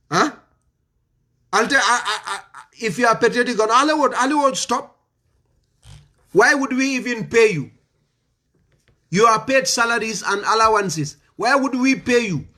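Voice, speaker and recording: A man with a Gambian accent, giving an impassioned political speech and pressing home rhetorical questions. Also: high voice. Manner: forceful, repeats rhetorical questions. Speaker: political commentator.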